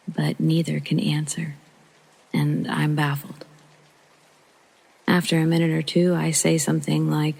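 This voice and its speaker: Half-whispering much of the time, a channel host narrates a true scary story in a hushed, sleep-story style with a gravelly, husky voice. The voice is mid-range and a little slow, and the recording quality is rough.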